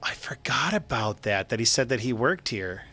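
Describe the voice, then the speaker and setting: Bright-voiced man running a tabletop game. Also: medium pitch, lively intonation, moderate pace. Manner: rambling, many fillers and restarts, clears throat often. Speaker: game master.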